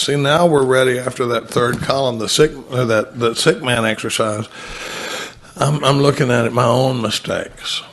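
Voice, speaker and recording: A middle-aged man speaks at a recovery meeting with a husky, slightly breathy voice at an ordinary pitch. He tells stories full of quoted dialogue and laughs often along the way.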